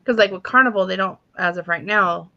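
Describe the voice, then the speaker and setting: A woman hosting a casual livestream chat, chatty with quick reactions. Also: mid-range voice, vocal fry, bright, forceful tone. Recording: dull lo-fi stream audio.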